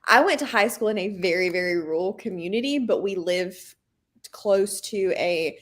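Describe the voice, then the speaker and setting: Lively chatty woman, mild Southern accent. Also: medium pitch, moderate pace. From American South. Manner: chatty, animated storyteller. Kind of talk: casual chat.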